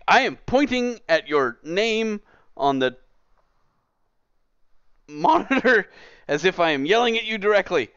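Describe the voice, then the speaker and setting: Ranting casually while he plays, the streamer sounds exasperated and emphatic at his computer, his high-sitting voice swinging widely in pitch. He's unhurried and pauses often, with a fairly bright, smooth tone. It's a dull, dry lo-fi recording.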